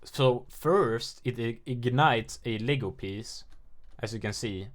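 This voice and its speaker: Brief: male commentator, mid-pitched voice, casual and rambling, self-deprecating, plenty of filler. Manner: rambling, offhand, self-mocking, heavy filler words. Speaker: gameplay trailer commentator.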